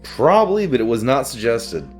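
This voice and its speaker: A man's voice: mid-range voice, sing-song, moderate pace, soft background music. A man co-hosting a podcast in casual chat, with dry, matter-of-fact remarks. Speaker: podcast co-host.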